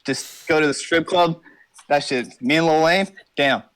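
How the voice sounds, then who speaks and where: Brash, high-voiced young man rambling profanely. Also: normal speed, fairly bright tone, clean tone. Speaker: interview guest. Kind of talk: joking casual interview. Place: in his car.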